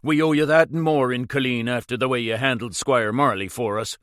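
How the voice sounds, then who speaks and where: A man's voice: medium pitch, fairly even intonation, brisk, a bit bright, no echo, clean studio sound, natural voice. A man doing a hearty publican. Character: eager Irish male village publican, proud.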